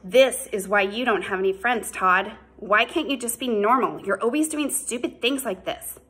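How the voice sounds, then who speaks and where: A woman voicing a quick-tempered teenage boy in an audiobook, heated and accusing. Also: fairly high pitch, a bit bright, breathy edge. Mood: angry. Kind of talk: audiobook character voice.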